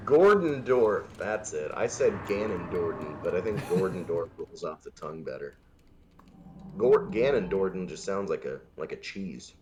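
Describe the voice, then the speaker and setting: A man's voice: sits low, animated, measured pace, background noise. A man co-hosting a charity game stream, chatting casually and riffing on silly jokes. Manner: rambling, jokey, restarts. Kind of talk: casual joking stream chat. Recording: loud music behind.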